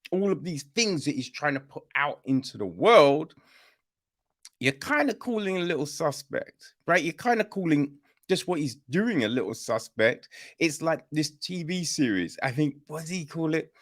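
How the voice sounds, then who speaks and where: A man's voice: a little high, sing-song, moderate pace, fairly bright tone. A man hosting a podcast, casually talking through a play he watched and often checking in with "right?" and "you know?". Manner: conversational, keeps asking "right?" and "you know?"; apologizes to listeners after a coughing fit. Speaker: podcast host reviewing a play. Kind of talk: casual spoken review.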